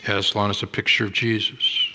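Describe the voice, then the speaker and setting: A man preaching a sermon in a church, slow and deliberate, giving dramatic readings of scripture. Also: fairly low pitch, flat delivery, pushed and bright, husky. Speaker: pastor. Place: church sanctuary. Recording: long hall reverb.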